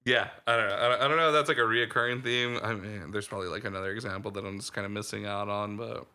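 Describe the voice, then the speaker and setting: This man's fairly low voice is smooth yet sharp-toned, quick-paced and fairly even in intonation. Co-hosting a podcast, he chats loosely about a movie, rambling and peppering his talk with "like" and "dude."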